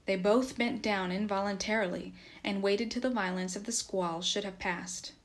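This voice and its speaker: A woman narrating a classic story as an audiobook, in a mid-pitched voice. Her reading is steady and measured. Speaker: reader.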